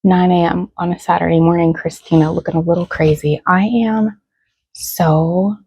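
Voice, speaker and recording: A young woman vlogging at home, her voice gravelly with a husky edge. She sounds frustrated and close to tears but keeps laughing it off. The sound is dry and close, with no room around it. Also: lowish voice, steady tone, normal speed, a little mellow, no echo. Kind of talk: casual vlog chat.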